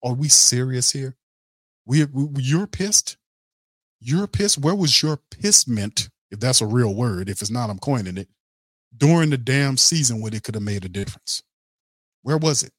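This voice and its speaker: A man's voice: mid-range voice, lively intonation, moderate pace, fairly bright tone, no room sound, studio quality. A man hosting a sports podcast, ranting in a blunt, heated and profane way to his live chat. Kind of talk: casual sports commentary rant.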